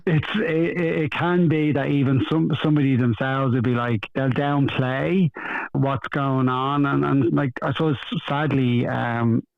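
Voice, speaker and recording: A man's voice: medium pitch, steady tone, measured pace, vocal fry, dry recording, narrow, tinny audio. A man with a Dublin accent, a psychologist speaking chattily in a radio interview, with lots of fillers. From Ireland.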